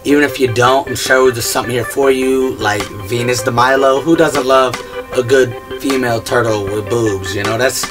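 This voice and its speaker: A man's voice: mid-range voice, fairly even intonation, normal speed, over music. A man hosting a casual vlog, chatting about movies in a rambling way full of "like" and "whatnot.". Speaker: vlog host. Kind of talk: casual movie-list chat.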